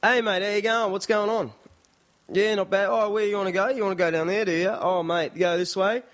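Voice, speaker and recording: A man's voice: high voice, fairly even intonation, a little fast, fairly bright tone, voice pushed up. A man with an Australian accent putting on a brash Aussie tradesman local. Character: loud brash male Aussie tradie local.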